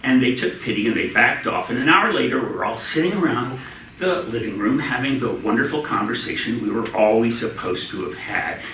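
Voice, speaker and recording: An American man tells a comic personal tale on stage, his bright voice swinging lively up and down with deadpan timing. He sounds set back from the mic in a roomy, echoing hall. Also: medium pitch, a little fast, far from the mic, a little hiss or hum. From United States. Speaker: storyteller at a story slam. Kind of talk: comic personal storytelling to a live audience. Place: stage in a small venue.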